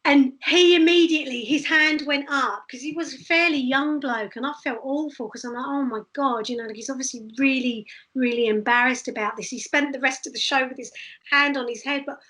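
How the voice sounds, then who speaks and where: High-voiced woman telling stories. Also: brisk, rough recording. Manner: animated, laughing storyteller. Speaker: street performer guest. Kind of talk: casual interview storytelling.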